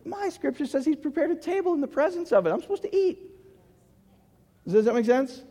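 A man's voice: extremely high pitch, big pitch swings, fairly quick, warm tone, big-room sound. A man preaching a conversational sermon as pastor, often asking the congregation questions.

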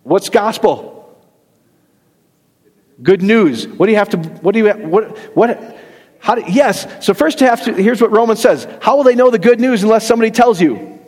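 A man's voice: high-pitched, moderate pace, pauses often, darkish tone. A middle-aged man preaching a joking, conversational sermon, often asking the congregation questions and laughing at his own jokes. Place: church hall. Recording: long reverb of a hall.

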